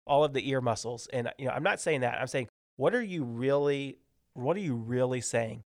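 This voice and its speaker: A man's voice: medium pitch, brisk, dry recording. A man with a mid-range voice hosts a casual podcast, walking through practical advice one point at a time. He keeps it light with small jokes and acted-out examples. The mic is close and dry. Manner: structured tips, light humor, acts out example dialogues. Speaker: podcast host. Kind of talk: casual teaching talk on workplace communication.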